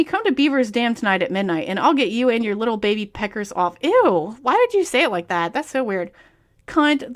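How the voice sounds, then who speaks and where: A woman's voice: medium pitch, a bit bright. A woman reading a book aloud and breaking in with sarcastic, incredulous commentary. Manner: swears freely, calls the author girl.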